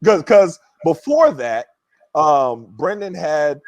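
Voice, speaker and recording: A man tells a story in relaxed chat, his voice sitting high and leaping up and down as he gets into it. He slips into other people's voices to act out what they said and keeps checking in with "right?". The sound is dry and close, with no room around it. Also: slow pace, no echo. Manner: animated, acts out other people's words; many fillers like "you know" and "right?". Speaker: podcast guest, former pro basketball player. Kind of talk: casual storytelling.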